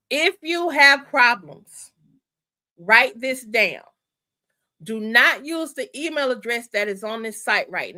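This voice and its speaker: A bright, forceful-sounding woman hosts a casual livestream. She talks straight to her viewers, excitable and chatty, and keeps repeating her instructions so nobody misses them. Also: on the high side. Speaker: channel host. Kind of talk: casual livestream store walkthrough.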